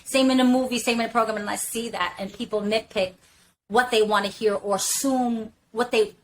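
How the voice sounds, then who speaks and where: A woman's voice: a little high, steady tone, moderate pace, a little hiss or hum, rough recording. A woman talking candidly on a podcast, emphatic and swearing freely, leaning on fillers like "literally" and "you know what I'm saying". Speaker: podcast talker. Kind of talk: casual podcast discussion.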